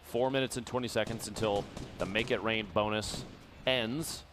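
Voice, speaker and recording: Low-voiced male esports analyst. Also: steady tone, normal speed, music in the background. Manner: analytical, stat-focused, calls the numbers. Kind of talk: esports color commentary.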